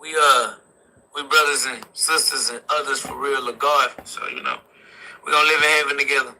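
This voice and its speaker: A young adult man preaches motivation with passion, repeating his exhortations and punctuating them with "facts." He speaks briskly in a mid-range voice that is creaky, bright, and forceful, with fairly even intonation. The recording is rough.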